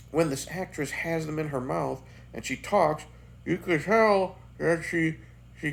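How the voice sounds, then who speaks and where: A man's voice: medium pitch, vocal fry. A man giving a casual, profane and blunt review of a bad movie as the host of his channel.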